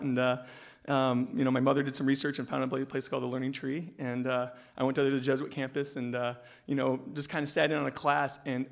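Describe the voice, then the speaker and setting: A man's voice: mid-range voice, creaky. A man giving an informal speech at a school breakfast, rambling and conversational and full of homespun analogies.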